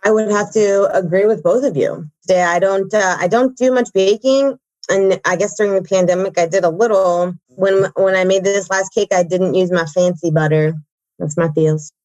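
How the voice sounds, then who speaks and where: A woman co-hosting a casual podcast chat, relaxed and agreeable. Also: mid-range voice, moderate pace, dry recording, rough recording.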